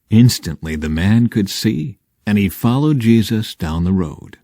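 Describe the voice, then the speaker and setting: Man reading scripture with lively expression. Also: low voice, dry recording, clean studio sound. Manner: expressive, measured reading with dramatic emphasis. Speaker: Bible reader.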